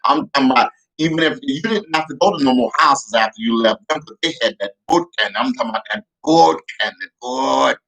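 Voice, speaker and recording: A man's voice: medium pitch, fast talker, vocal fry, hardly any pauses, fairly bright tone. A man telling comic childhood stories in a rambling, profane way with many restarts. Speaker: comedian. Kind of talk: comedic storytelling.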